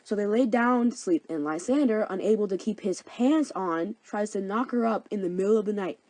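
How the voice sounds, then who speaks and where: A woman's voice: mid-range voice, brisk, a little mellow, dry recording, low-quality recording. A young woman narrating a comedic story summary in a flippant, slangy way.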